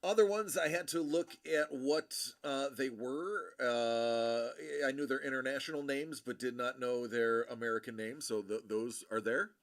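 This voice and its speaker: A man hosting a livestream, chatting casually with viewers in a rambling, friendly way full of fillers and shout-outs. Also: mid-range voice, measured pace, few pauses. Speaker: livestream host.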